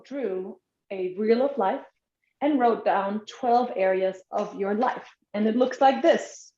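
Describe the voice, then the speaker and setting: Soft-spoken woman coach, dull roomy audio. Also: fairly high pitch. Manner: soft, encouraging, with frequent sighs and ums. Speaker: online workshop coach. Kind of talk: guided body exercise in a live workshop.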